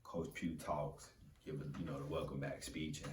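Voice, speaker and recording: A young man from Florida telling a motivational story in an animated, casual, conversational way. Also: very deep voice, moderate pace, background noise. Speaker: motivational speaker. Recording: roomy sound from a distant mic.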